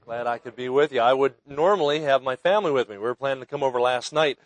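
A man in his fifties from New Jersey preaches to a chapel crowd in a relaxed, storytelling way, stopping to ask for a show of hands. His voice sits at a middling pitch and sounds dry and close, with no room echo. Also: fast talker. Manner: folksy storytelling, chuckling warmth about friends; conversational, asks audience to raise hands. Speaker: evangelist preaching at a college chapel. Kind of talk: sermon. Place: chapel with live student audience.

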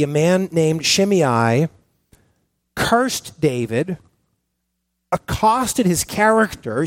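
A man preaching a sermon as pastor, earnest and halting, often restarting his sentences with fillers. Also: fairly high pitch, no room sound.

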